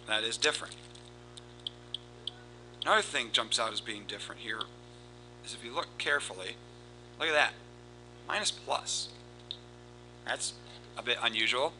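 A man teaching a recorded math lesson, explaining steps in a steady, explanatory way and reciting formulas in a rhythmic cadence. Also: mid-range voice, a little hiss or hum, rough recording. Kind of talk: recorded lesson with board work.

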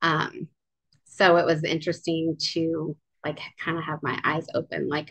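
A woman's voice: deep voice, fairly even intonation, normal speed, gravelly. A young woman telling her own story as a guest in an interview, earnest and full of fillers and restarts. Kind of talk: casual interview, personal story. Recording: dull lo-fi sound.

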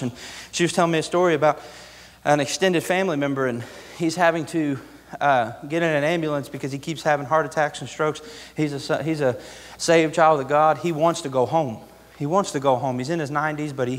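A young man preaching a sermon in a church, fervent and repetitive in his cadence. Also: sits high. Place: church sanctuary. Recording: echoey church hall reverb.

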